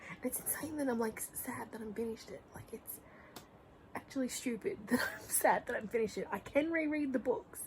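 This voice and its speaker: A woman's voice: fairly high pitch, normal speed, a little hiss or hum, poor audio. A young woman chatting casually in a reading vlog at home, gushing and rambling, often dropping to a whisper. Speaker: book vlogger. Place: home room.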